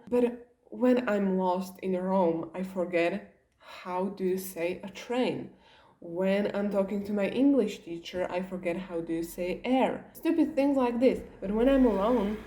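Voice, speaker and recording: Young woman, mellow, rambling vlog chat in a roomy, echoey space. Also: mid-range voice. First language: Slovak. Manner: rambling, all over the place. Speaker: vlogger. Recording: roomy echo.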